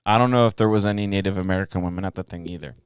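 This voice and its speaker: A man's voice: deep voice, rapid-fire, smooth, dry recording, studio quality. A man co-hosting a podcast, chatting casually in a joking, rambling way. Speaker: podcast co-host. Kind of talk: casual chat.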